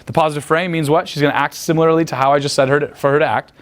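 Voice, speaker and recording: Young man, dating coach, rapid-fire crude lecture, slightly high voice. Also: steady tone. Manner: blunt and crude, acts out quick high-pitched quoted exchanges. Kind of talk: casual seminar talk.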